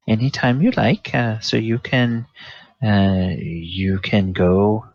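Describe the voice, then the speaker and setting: A man's voice: mid-range voice, no room sound, lo-fi sound, pitched above the performer's own voice. A man voicing a gushing, genteel female elf manicurist with a sweet, fawning manner. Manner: sweet, fawning, breathy titter.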